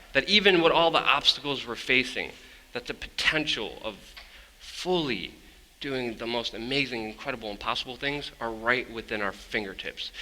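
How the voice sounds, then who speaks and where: A man telling stories on a stage, his voice very bright and cutting. He speaks bluntly and with energy, swears without hesitation, and sounds like a journalist holding the crowd's attention. The long reverb of a large hall follows his words. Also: mid-range voice. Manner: lively, blunt, swears casually. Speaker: journalist giving a conference talk. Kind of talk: energetic storytelling speech.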